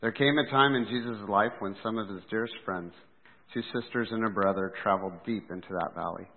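A man with a fairly low voice tells a sermon in an even, earnest way. His voice sounds thin and phone-like, with long reverb around it. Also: brisk. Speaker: preacher.

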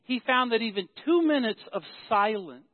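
A man's voice: very high-pitched, lively intonation, moderate pace, no room sound. A man preaching a sermon as pastor, telling stories and building emphasis through repetition. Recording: tinny phone-like, dry sound.

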